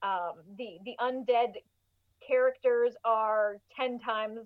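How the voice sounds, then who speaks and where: High-voiced giggly woman, lo-fi sound. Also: steady tone, takes it slowly. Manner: giggly, chatty, lots of fillers. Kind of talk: casual podcast chat.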